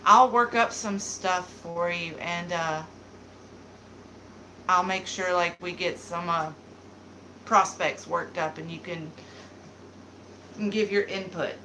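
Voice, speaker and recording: A woman's voice: fairly low pitch, slow, pauses often, pushed and bright, a little hiss or hum, poor audio. A young woman with a Southern American accent, chatting casually with viewers on her live stream, rambling with plenty of fillers. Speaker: beauty YouTuber hosting a live stream.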